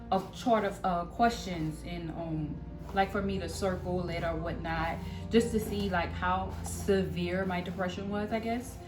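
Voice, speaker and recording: A woman's voice: mid-range voice, low-quality recording. A young woman talking straight to her viewers in an unscripted, rambling way. She keeps addressing them as "y'all" and fills her sentences with "like". Music plays behind her voice. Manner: candid and rambling, with many "like"s and "y'all"s. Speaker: vlogger, new mother sharing her story. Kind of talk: casual personal storytelling to camera.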